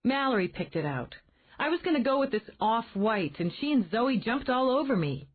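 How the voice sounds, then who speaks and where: A woman voicing an outspoken, flustered young woman who talks in quick, exclamatory bursts. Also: on the high side, voice pushed up. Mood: animated. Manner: exclamatory, animated. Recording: tinny phone-like band.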